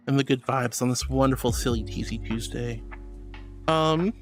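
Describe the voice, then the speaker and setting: A man streaming live who reads chat messages aloud and thanks viewers warmly, calling them honey and darling, with bursts of excited squealing. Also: mid-range voice, moderate pace, faint music behind. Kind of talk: livestream chat reading.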